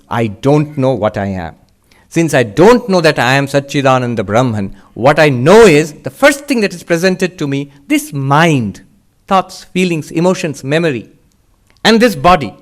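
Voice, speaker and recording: A monk lectures on spiritual teaching in a fairly high male voice. He builds his ideas step by step, asks rhetorical questions and answers them, and speaks his listeners' doubts aloud. He often breaks into a short chuckle.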